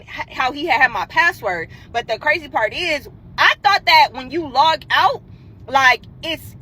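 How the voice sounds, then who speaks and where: Animated young woman telling a wild story. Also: a little hiss or hum, poor audio. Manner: dramatic, swings between loud outbursts and low mimicry. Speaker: storyteller in a clip.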